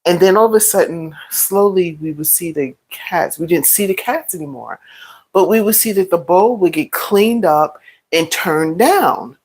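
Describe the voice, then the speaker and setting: Brief: middle-aged woman vlogger, low voice, animated casual storytelling. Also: normal speed, slightly rough, poor audio. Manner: animated storytelling with playful exclamations. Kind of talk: casual storytelling while cooking.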